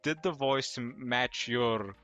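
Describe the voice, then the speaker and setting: A woman's voice: rumbling low, takes it slowly, fairly bright tone, faint music behind. A woman co-host asking a question hesitantly, with many fillers. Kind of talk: casual interview question.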